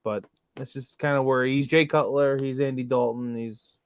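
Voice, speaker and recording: A man co-hosting a podcast, chatting casually about football and making confident, animated predictions. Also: medium pitch, moderate pace, clean tone, no room sound. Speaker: podcast co-host. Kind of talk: casual sports chat.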